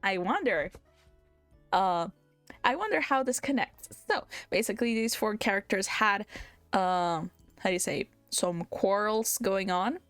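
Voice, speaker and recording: A woman streamer talks through a game's story in an animated, chatty way, laughing often and swearing freely. Her voice sits at a middle pitch, recorded dry and close on a home desk mic. Faint background music plays under her. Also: unhurried, dry recording. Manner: animated, giggly, swears casually. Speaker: VTuber streamer. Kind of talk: casual game recap.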